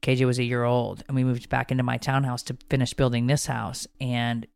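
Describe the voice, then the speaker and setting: A woman in her thirties talking in a casual co-host chat, animated and outspoken with a salty tongue. Her voice is smooth and clear, recorded close and dry. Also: a bass voice, brisk, no echo. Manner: animated, blunt, swears freely. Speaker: podcast co-host.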